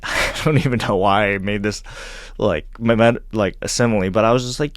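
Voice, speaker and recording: A man hosting a casual podcast chat, telling stories in an animated, rambling way full of restarts. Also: medium pitch, normal speed, no room sound, clean studio sound. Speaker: podcast host.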